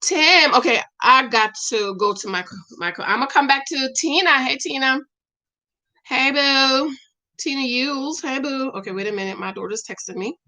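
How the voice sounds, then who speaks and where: A woman's voice: on the high side, a little fast, hardly any pauses. A middle-aged woman chats casually about a reality show and greets her regular viewers by name. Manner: animated, talks back to viewers by name. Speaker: commentary vlogger reading viewer comments. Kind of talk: casual chat.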